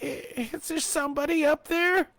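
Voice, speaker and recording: A man voicing a terrified, trapped young woman who screams hoarsely for help. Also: very high voice, extremely slow, no room sound, pitched above the performer's own voice, exaggerated voice. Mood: desperate screaming. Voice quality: raspy, screaming.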